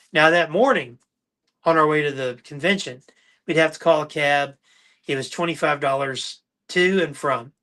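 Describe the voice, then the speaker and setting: A man hosting a casual livestream talk show, telling stories with lively, acted-out quotes. His voice sits a little high and sounds bright and forceful. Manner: animated anecdotal storyteller, acts out quotes. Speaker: podcast host.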